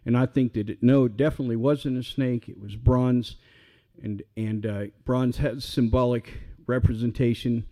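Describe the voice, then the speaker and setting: A middle-aged pastor preaching a sermon in a relaxed, conversational way, often checking in with his listeners. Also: medium pitch. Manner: conversational, asks the audience questions.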